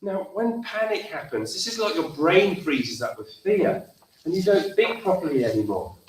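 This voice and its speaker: At a moderate pace and in a high-sitting voice, a man animatedly leads children through an interactive story in a school hall, acting it out and calling for their responses. Audio is echoey and faintly noisy, picked up from a distant mic.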